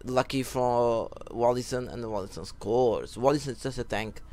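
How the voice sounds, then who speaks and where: A man's voice: mid-range voice, normal speed. Young guy chatting over footy gameplay, rambly story, gets hyped when goals go in. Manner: rambling storyteller, jumps to excited goal calls. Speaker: gaming YouTuber. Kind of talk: casual commentary over gameplay.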